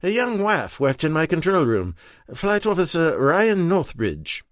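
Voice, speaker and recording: A man's voice: on the high side, huge pitch swings, measured pace, no room sound, clean studio sound, voice pushed up. A man doing a genteel, teasing admiral. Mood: amused.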